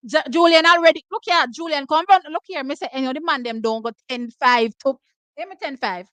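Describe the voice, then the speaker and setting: Cheering and breaking down the races live at full volume, this Jamaican watch-party host flips between patois and English with loud, excitable exclamations. Her voice is high and bright but hoarse and nearly gone, and she talks fast. The rough recording is close and dry, with no echo or room around it.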